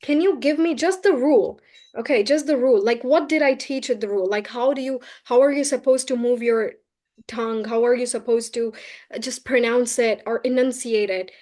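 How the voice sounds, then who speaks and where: Woman, high voice, English teacher, video call, firm, patient, corrective. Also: normal speed, a little mellow. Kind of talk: live online class.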